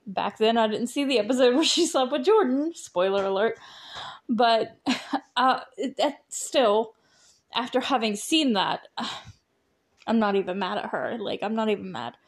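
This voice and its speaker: A woman with a slightly high voice hosts a podcast on her own, talking in a loose, casual way. She laughs often between thoughts and leans on plenty of fillers as she rambles along. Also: expressive, measured pace. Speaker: podcast host. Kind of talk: casual solo chat.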